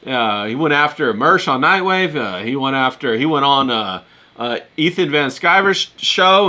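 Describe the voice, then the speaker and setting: A man's voice: fairly high pitch, pushed and bright. Easygoing man hosting a livestream. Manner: easygoing, filler-heavy, laughs often. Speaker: host. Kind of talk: casual livestream chat.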